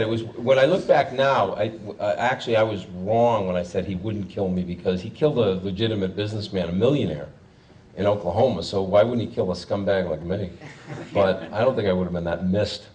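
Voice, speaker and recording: A man's voice: on the low side, brisk, a little mellow, far from the mic, rough recording. A man, a journalist telling stories in a rambling, wry, self-correcting way. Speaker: journalist guest speaker. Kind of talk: casual storytelling talk.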